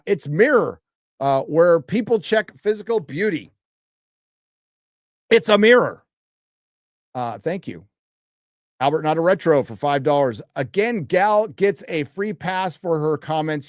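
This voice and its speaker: This is a US livestream host, a man with a voice on the high side, reading viewer donations and messages in an offhand, crude way with lots of fillers. The sound is clean and studio-like, with no room sound.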